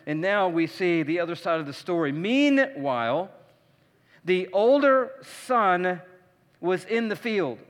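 High, bright-voiced preacher in a reverberant hall. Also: male voice. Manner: animated storytelling, acting out characters' voices. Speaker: pastor. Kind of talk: sermon. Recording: long reverb of a large hall.

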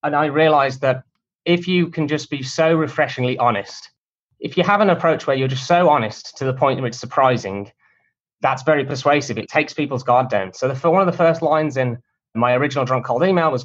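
A man's voice: medium pitch, fairly quick. Man, interview guest, chatty, cheeky, self-deprecating, muffled lo-fi recording. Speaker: guest, cold email marketer. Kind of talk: casual conversational interview answers.

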